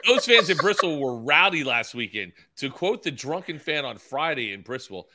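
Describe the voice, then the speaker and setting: Playful male co-host, very bright tone, lively pitch. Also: moderate pace, few pauses. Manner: joking, playful. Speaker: podcast co-host. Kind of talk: casual podcast chat.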